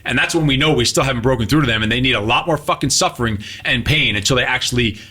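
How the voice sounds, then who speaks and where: A man's voice: mid-range voice, rapid-fire, sharp tone, husky. A middle-aged man co-hosting a podcast, blunt, heated and profane, pressing his points with emphasis. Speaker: podcast co-host.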